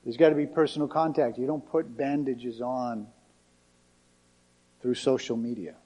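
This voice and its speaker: A man's voice: mid-range voice, fairly even intonation, a little slow, slightly rough, lo-fi sound. A male pastor preaching a sermon in a conversational, emphatic way.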